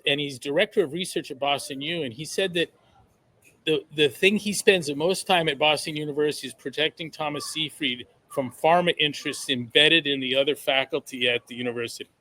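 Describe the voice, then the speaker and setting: A man talks as a guest in a conversational interview. His voice sits fairly high and rings bright and forceful. He speaks bluntly and emphatically, with casual swearing. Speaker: podcast guest.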